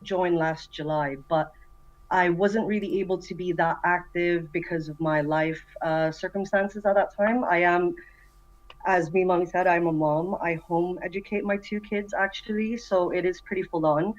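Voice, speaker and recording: A woman's voice: on the low side, steady tone, moderate pace, lo-fi sound. A woman chatting casually in an online voice meeting, enthusiastic and full of fillers. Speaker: community member introducing herself. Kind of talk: casual voice chat.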